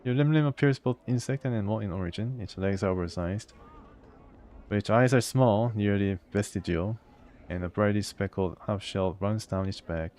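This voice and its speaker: A man's voice: fairly low pitch, normal speed, darkish tone, a little hiss or hum. A man casually playing through a video game, reading its text aloud and chatting about it. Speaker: gamer.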